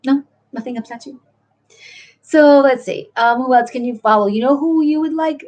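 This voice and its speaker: Middle-aged woman, livestream host, meandering late-night chat, voice a touch high. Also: normal speed. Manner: meandering, talks to chat viewers, soft and chatty.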